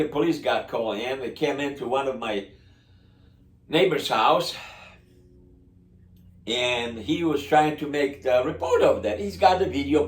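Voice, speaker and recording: A man's voice: fairly high pitch, roomy sound. A man speaking as a local resident, venting indignantly in a rambling, casual monologue full of restarts and broken grammar. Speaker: local resident complaining about city officials. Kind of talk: casual spoken complaint monologue.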